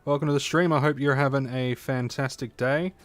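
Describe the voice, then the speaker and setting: Guy rambling to his stream chat, lots of ums and swearing, smooth voice. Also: medium pitch, steady tone, fairly quick, no room sound, soft background music. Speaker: game streamer. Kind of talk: casual livestream chat. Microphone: desk mic at home streaming setup.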